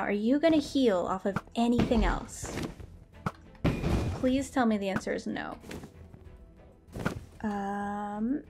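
High-pitched excitable woman gaming. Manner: chatty, excitable, quick to squeal and laugh. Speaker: gaming video creator. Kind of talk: live gameplay commentary.

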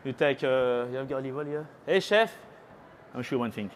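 Speaking quickly with a steady tone and medium pitch, a chef from France with a French accent gives a chatty live cooking demo on a trade show stage. He teases the audience and slips into French phrases, with a little hiss or hum behind him.

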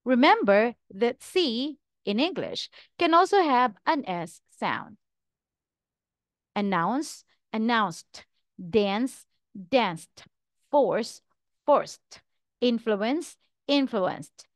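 A woman teaching English pronunciation, reading out verb pairs in a slow, deliberate drill with each word carefully enunciated. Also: on the high side, very animated, dry recording.

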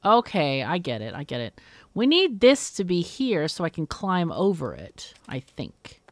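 A woman hosting a let's play, talking slowly, with a voice that swings widely as she works through a puzzle game. She mutters and exclaims as she thinks aloud, and the voice is close and dry. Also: on the low side, huge pitch swings, no echo. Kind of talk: thinking aloud while gaming.

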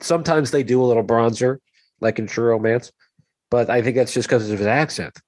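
A man's voice: mid-range voice, a little fast, darkish tone, no echo. A man co-hosting a casual comedy podcast, rambling in a wry, self-deprecating way, with an American accent. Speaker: podcast co-host.

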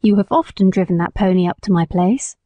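A woman's voice: on the low side, brisk, mellow, no room sound, lightly acted. A woman reading the lines of a stern, kindly male country squire in an audiobook, speaking with earnest reproach.

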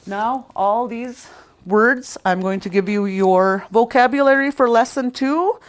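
A middle-aged woman teaching a recorded language lesson, patiently repeating words slowly and explaining step by step. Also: fairly high pitch.

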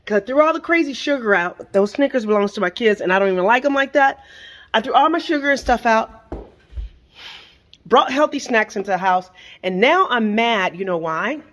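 A middle-aged woman with a slightly high voice vlogs from her home kitchen. She talks in an animated, exasperated rush, piling up rhetorical questions. It sounds like a casual phone recording. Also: moderate pace. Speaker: vlogger. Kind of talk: casual vlog rant.

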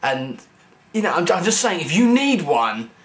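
A man's voice: a little high, big pitch swings, normal speed. A young man, rambling and joking through a comic vlog, often restarting his sentences with stammers. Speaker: comedy vlogger.

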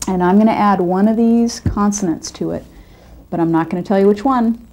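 A woman with a mellow, darker voice guides a student through sounds one step at a time. Her delivery is calm and instructive, like a narrator of an educational video. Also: mid-range voice, fairly quick. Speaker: narrator and reading teacher. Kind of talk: scripted narration and one-on-one teaching.

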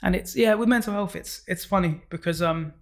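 Podcast guest, young man, raised voice, gravelly, candid and fast. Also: sits high. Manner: candid, acts out his own past thoughts. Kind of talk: personal story in a podcast interview.

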